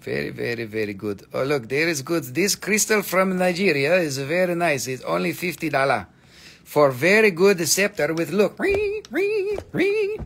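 A man's voice: on the high side, normal speed, creaky, fairly bright tone, a little hiss or hum. A man with an American accent hosting a casual live-stream crystal sale, joking and swearing as he rambles over the stones. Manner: joking, profane, rambling while showing stones.

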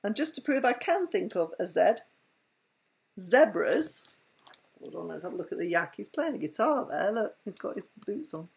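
A woman's voice: mid-range voice, very animated, a little fast, creaky, hardly any pauses, slight background noise. Playful woman reading a bedtime story. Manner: playful, chuckling, chatty asides.

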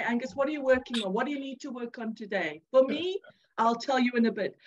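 A woman leads a laughter yoga session online, her voice high and bright in pitch as she cheers on her group and keeps laughing between instructions. The audio has the muffled, lo-fi quality of a video call. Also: lively intonation, fast, a little hiss or hum. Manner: bubbly, laughing often, cheering participants on. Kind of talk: leading an online exercise class.

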